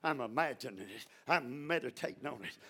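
A man preaching a fervent sermon in a church, often rising into shouts. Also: medium pitch, expressive, a little fast, slightly rough.

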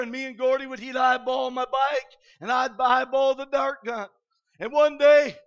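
A man from Michigan preaching an impassioned revival sermon, often shouting and filling pauses with "uh". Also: very high voice. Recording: dull lo-fi recording.

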